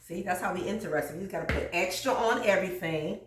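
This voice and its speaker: A woman's voice: on the low side, quick pace, recorded from a distance, noisy background. A woman hosting her cooking channel, chatting casually as she cleans her home kitchen, laughing often and slipping into preaching cadences. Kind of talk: casual chat while cleaning. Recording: roomy kitchen echo.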